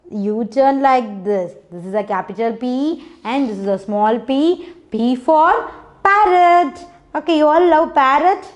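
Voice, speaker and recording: A woman's voice: a little high, darkish tone. A young woman with an Indian English accent teaching phonics to small children, patient and encouraging, breaking into short sing-song chants.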